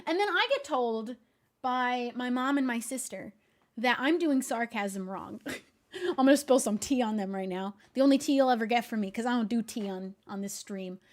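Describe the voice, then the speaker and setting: A young woman streamer chatting casually with her viewers, laughing often and talking in a deadpan way. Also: fairly high pitch, normal speed. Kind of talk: casual chat.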